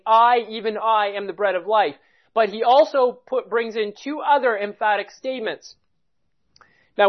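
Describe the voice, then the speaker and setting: A Bible teacher works through a passage at a deliberate pace, stressing each important word. The voice sits at a middle pitch, and the recording sounds dull and lo-fi. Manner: deliberate, explanatory, stresses key words.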